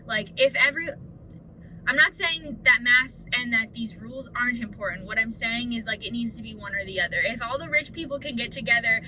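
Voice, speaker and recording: A young woman vlogs in a candid, rambling way, dropping swear words and plenty of fillers. Her voice sits fairly high. Steady noise runs behind her. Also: a little fast, low-quality recording. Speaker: vlogger. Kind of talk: casual chat. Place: home at night.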